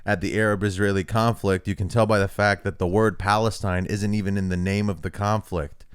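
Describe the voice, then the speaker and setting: A man's voice: lowish voice, flat delivery, brisk, clear, resonant tone, no echo, studio quality. Wry young man telling comedy stories. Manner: wry storytelling, breaks into rhymed freestyle. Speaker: podcast co-host and stand-up comic. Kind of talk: casual comedy podcast banter with freestyle rap.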